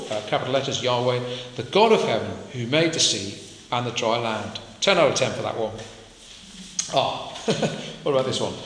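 Guy preaching, animated up and down voice, roomy church echo, asks the crowd stuff. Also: medium pitch, slight background noise. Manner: conversational, asks the congregation questions. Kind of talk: sermon. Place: church hall. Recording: echoey hall, faint ambience.

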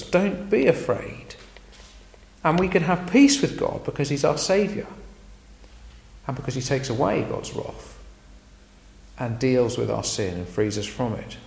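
Man preaching, animated ups and downs, bit gravelly, roomy echo. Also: mid-range voice, a little hiss or hum. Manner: lively, emphatic, frequent ums. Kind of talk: sermon. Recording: echoey room.

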